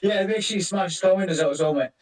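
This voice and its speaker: Man, casual voice chat host, rambling and cursing, high voice, distant from the mic. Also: fast talker, a little mellow, roomy sound. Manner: rambling, swears a lot, greets listeners by name. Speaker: crypto project lead hosting a community voice chat.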